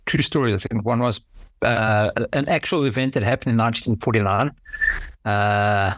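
A man's voice: lowish voice, normal speed, no room sound. A man chatting casually on a podcast, rambling and hesitant with frequent restarts.

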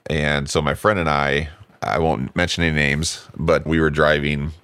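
Man, 40s, extremely low voice, dry sound; animated storyteller for casual chat. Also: moderate pace, clean tone, no room sound.

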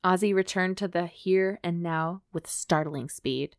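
A woman's voice: fairly low pitch, a little slow, no room sound, clean studio sound. Woman reading a romance novel aloud. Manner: reads aloud steadily, breaks off for wry jokes. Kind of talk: dramatic reading with joking commentary.

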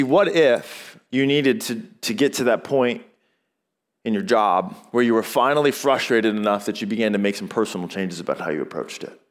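A male pastor delivering a sermon in a conversational way, asking rhetorical questions and acting out short quotes. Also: medium pitch.

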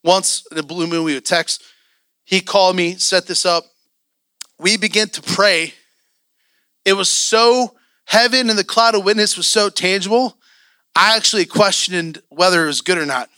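A man preaching in a church, telling a story in a lively sermon style with acted-out quotes. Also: sits high, moderate pace, clear, resonant tone, no room sound, studio quality. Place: church sanctuary.

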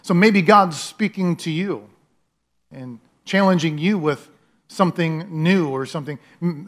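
A male pastor delivers a sermon in an earnest, conversational way, as if chatting with his congregation. His voice sits slightly higher than most men's, and he often stumbles and restarts mid-thought. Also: fairly bright tone.

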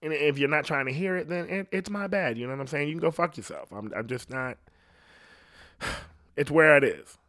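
A man's voice: on the high side, animated, normal speed, pushed and bright, no echo, studio quality. A man from Ohio hosting a solo podcast, rambling in a profane, casual monologue and often asking "you know what I mean". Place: at home alone.

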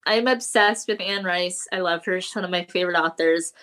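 A woman's voice: fairly low pitch, a little fast, a bit bright. A woman co-hosting a horror movie podcast, chatting casually and telling stories with gushing animation. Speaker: podcast co-host. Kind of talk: casual chat.

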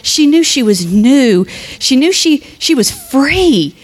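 A woman's voice: high-pitched, sing-song, slow pace. A woman speaking at a funeral, giving a heartfelt, conversational eulogy that moves into a sermon and turns to the family directly. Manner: reads scripture aloud.

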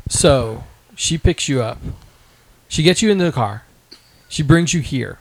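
Animated storytelling man, slightly high voice. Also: a little slow, dry recording, rough recording. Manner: animated storyteller, swears, acts out quoted lines. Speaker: podcast co-host telling a story. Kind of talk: casual chat.

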